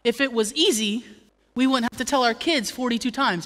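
A woman's voice: fairly high pitch, moderate pace, a bit bright, in a large hall. A woman pastor preaching a sermon with passion, building to emphatic declarations and dropping in humorous asides. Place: church.

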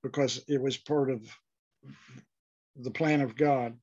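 A man's voice: mid-range voice, fairly even intonation, takes it slowly, darkish tone, breathy edge, highs cut off. A man teaching an online Bible class, speaking thoughtfully with frequent fillers and restarts.

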